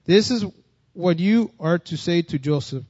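A man's voice: on the high side, lively intonation, measured pace, a little mellow, breathy edge, no room sound, highs cut off. A man preaching a sermon. He reads scripture and then talks plainly, repeating and restarting phrases, and his voice rises when he reads verses.

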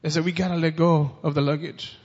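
A man's voice: fairly high pitch, level tone, brisk, a little mellow, slightly rough. A man preaching a sermon, reading scripture aloud with rising force and speaking directly to his listeners. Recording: dull sound with long reverb.

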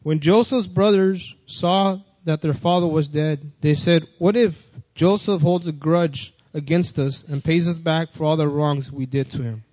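A fairly high-voiced man preaches in a plain, unpolished way, restarting phrases and lifting his voice on scripture. The recording is dry and dull, with a muffled lo-fi sound. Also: a little slow, few pauses, a little mellow, no room sound. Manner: plainspoken, repeats and restarts phrases, rises in pitch and volume when reading verses. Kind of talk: sermon reading scripture.

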